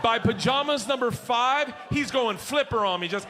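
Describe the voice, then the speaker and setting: A man performing a stand-up comedy set on a live stage, telling stories loudly and acting out other people's voices. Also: extremely high pitch, normal speed, over music. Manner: loud, animated storytelling with acted-out voices.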